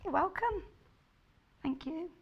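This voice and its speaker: A woman's voice: very high-pitched, expressive, takes it slowly, gravelly, lo-fi sound, a little hiss or hum. A woman presenting fabrics live on a shopping channel, chatty and gushing as she reads out viewer messages. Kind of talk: live on-air product presentation.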